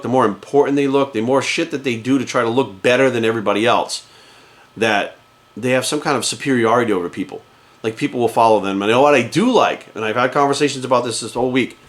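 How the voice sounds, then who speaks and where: A man working as a fitness coach, ranting to camera in his office with heated, profane emphasis. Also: medium pitch. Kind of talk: casual rant to camera. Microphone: camera in front of him.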